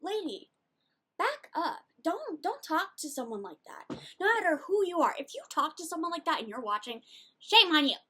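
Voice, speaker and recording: A woman's voice: very high-pitched, big pitch swings, normal speed, fairly bright tone. A woman of eighteen, ranting animatedly and indignantly in a casual video journal. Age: late teens.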